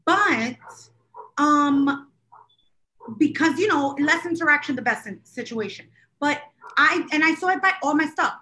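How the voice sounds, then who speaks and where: Woman podcast co-host, high bright voice, rambling and exasperated, casual. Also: animated, a little slow, pauses often. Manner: rambling, self-deprecating, exasperated storyteller.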